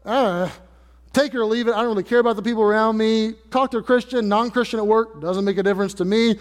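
High-voiced preaching man in a reverberant hall. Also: fairly even intonation, fast talker. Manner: earnest preaching, rising emphatic repetition. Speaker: pastor. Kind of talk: sermon. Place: church sanctuary.

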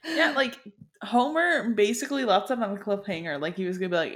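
Animated young woman retelling a story. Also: medium pitch, a little fast. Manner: animated storyteller, filler-heavy speech. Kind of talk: casual chat retelling a story.

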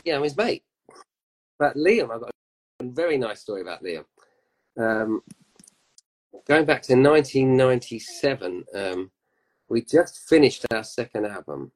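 A man, a musician guest telling anecdotes in a relaxed, chatty way. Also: mid-range voice, a little hiss or hum, poor audio. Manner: chatty storyteller, laughs often. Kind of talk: casual chat.

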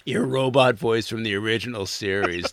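A man co-hosting a podcast in casual chat, animated and laughing a lot. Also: lowish voice, moderate pace, dry recording. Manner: laughing often, animated, stammering restarts. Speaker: podcast co-host.

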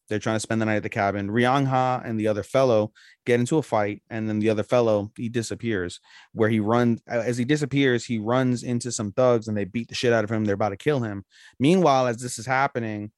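Man co-host, low voice, dry close sound, rambly casual review chat. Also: fairly even intonation, a little fast, smooth, no echo. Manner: rambling, loose and profane, heavy on "like". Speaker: podcast co-host.

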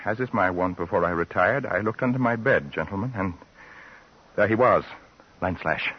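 A man's voice: sits low, moderate pace, breathy edge. An actor playing a pompous older adventurer in a 1950s radio drama, telling his tale grandly and theatrically. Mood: grandiose. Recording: dull, noisy old radio recording.

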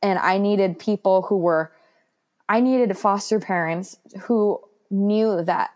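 A woman's voice: mid-range voice, slow pace, darkish tone. A young adult woman giving a candid interview about her past, talking in an earnest, reflective way with many small fillers. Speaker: guest sharing her foster care story.

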